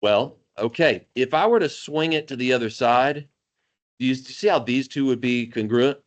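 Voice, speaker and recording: A man teaching math to a class, animated and jokey, calling on students by name. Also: medium pitch, moderate pace, muffled recording. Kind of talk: classroom lecture.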